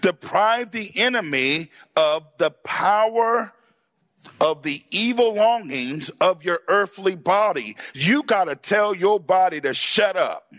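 A man pastor delivers a lively sermon in a high, ringing voice. He tells stories with energy and jumps to shouts for emphasis. His tone is bright and cutting, and he laughs along with the congregation. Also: slow, dry recording, studio quality. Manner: animated storytelling, shouting punchlines, laughing along.

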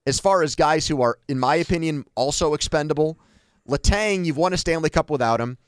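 A man's voice: fairly high pitch, a little fast, smooth, no room sound, clean studio sound. A man co-hosting a sports talk show, giving strong opinions in casual debate with frequent restarts.

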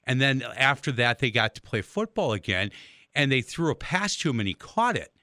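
Bright-voiced male radio host. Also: medium pitch, normal speed, no room sound, studio quality. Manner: animated storyteller, many restarts. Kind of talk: conversational radio interview.

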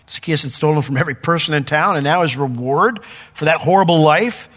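A middle-aged male pastor preaching a sermon, animated when retelling a story and hushed when sharing his own testimony. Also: on the high side, fairly quick. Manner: animated storyteller, voice jumps up when acting out the crowd; drops to a soft, hushed tone for personal testimony.

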